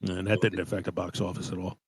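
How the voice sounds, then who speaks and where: A man hosting a podcast in casual chat, animated and laughing often. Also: low-pitched, fast, creaky, husky, no echo, low-quality recording. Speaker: podcast host.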